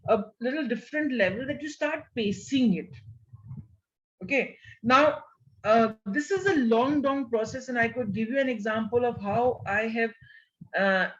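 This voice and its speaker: A woman's voice: a little high, a bit bright. A middle-aged woman gives a motivational panel talk over a video call, quizzing her listeners and often saying "you know". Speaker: panel speaker. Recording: muffled video call audio.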